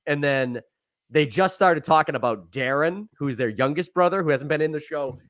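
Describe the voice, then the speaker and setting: A man with a slightly high voice chats casually on a podcast, talking animatedly and swooping into quick character voices. The sound is dry and close, with no room echo. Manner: animated, acts out characters with sudden swoops in pitch. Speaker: podcast co-host. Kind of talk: casual chat.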